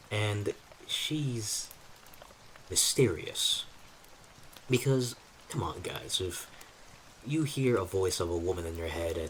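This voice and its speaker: A man's voice: deep voice, a little hiss or hum, poor audio. A man streaming as a novice dungeon master, casually recapping his campaign in a chatty, self-deprecating way and talking to his chat.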